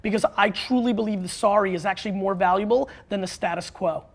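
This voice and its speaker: Gravelly, emphatic man talking. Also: high-pitched. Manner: emphatic, blunt, excitable, with quick restarts. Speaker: author and marketer, guest. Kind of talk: animated interview talk. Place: studio.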